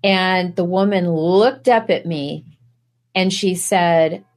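A woman's voice: lowish voice, takes it slowly. A middle-aged woman giving an earnest preaching testimony, pressing her listeners with rhetorical questions. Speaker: guest speaker.

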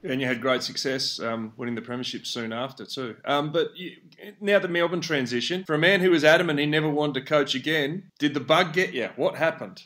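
Slightly high-voiced male interviewer. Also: a little fast, few pauses, fairly bright tone. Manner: conversational, fillers between questions. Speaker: interviewer, podcast host. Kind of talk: interview questions.

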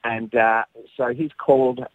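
A man calling in to a radio show, telling a story in an animated way. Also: mid-range voice, unhurried, no room sound. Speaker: caller. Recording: muffled phone line.

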